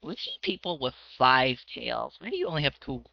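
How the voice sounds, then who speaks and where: A man voicing a shy young fawn boy with goat ears, who asks curious, soft-spoken questions, on slightly dull lo-fi audio. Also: mid-range voice, wildly swooping pitch, moderate pace, creaky, no room sound.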